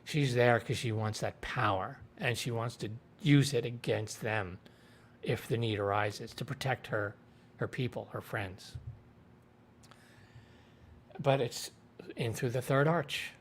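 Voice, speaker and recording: A man's voice: mid-range voice, slow pace, long pauses, a little hiss or hum. A man hosting a livestream, casually retelling a TV episode in a rambling way and quoting the characters. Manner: rambling retelling with quoted voices. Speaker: show reviewer.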